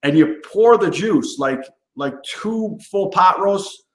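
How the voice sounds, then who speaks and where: An upbeat man hosts his cooking show in a loose, rambling chat full of fillers and asides. His voice sits a bit high. It sounds roomy and echoey. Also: animated, slow pace. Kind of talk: casual on-camera chat. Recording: roomy echo.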